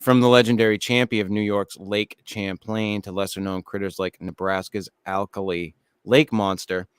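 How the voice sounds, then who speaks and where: A man's voice: fairly low pitch, level tone, normal speed, smooth, no room sound. A man hosting a casual podcast, reading out stories and chatting with lots of swearing. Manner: swearing, storytelling, reads segments aloud. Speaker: podcast host.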